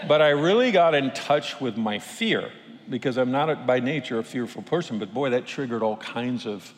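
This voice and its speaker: A pastor preaching a sermon, telling a personal story with animated, self-deprecating humor. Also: male voice, medium pitch, normal speed. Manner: animated, self-deprecating, acts out quoted voices. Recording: long hall reverb.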